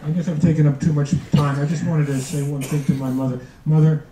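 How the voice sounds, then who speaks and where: Old guy in his 70s doing stand-up, dry jokes, a bit high voice, echoey room, mic far away, noisy. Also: steady tone, warm tone. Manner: dry self-deprecating jokes, halting delivery with restarts. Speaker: student comedian. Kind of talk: stand-up comedy routine. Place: performance room before a live audience. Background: audience laughter and room noise.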